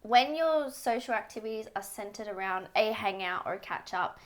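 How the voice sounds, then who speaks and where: A woman co-hosting a podcast in casual chat, bubbly and exclamatory, quick to react. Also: medium pitch, lively intonation. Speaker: podcast co-host.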